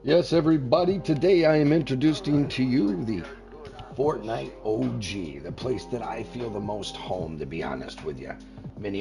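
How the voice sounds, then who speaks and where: An older man, a self-described grandpa, chatting in a folksy, rambling, earnest way on a gaming live stream, now and then slipping into radio-announcer patter. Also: fairly low pitch.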